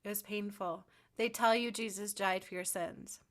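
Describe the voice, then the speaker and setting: A woman's voice: mid-range voice, fairly even intonation, moderate pace, fairly bright tone. A woman earnestly and insistently preaching her spiritual beliefs in a commentary vlog. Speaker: spiritual vlogger.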